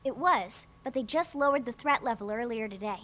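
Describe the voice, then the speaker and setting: An actor playing an eager, brash young squad member who is itching for action. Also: male voice, very high voice, animated, fairly quick, bright, forceful tone, slight background noise, exaggerated voice. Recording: game audio with faint music.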